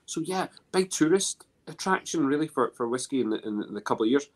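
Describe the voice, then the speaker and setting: A man's voice: mid-range voice, animated, fairly quick. A man with a Scottish accent chatting casually on a video call, rambling with many restarts and fillers. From Scotland. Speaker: guest. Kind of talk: casual chat.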